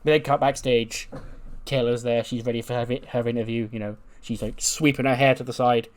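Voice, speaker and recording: A man narrating a wrestling game playthrough in a loose, casual way, rambling and correcting himself as he goes. His voice sits at an ordinary middle pitch for a man. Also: steady tone, moderate pace. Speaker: gaming channel host.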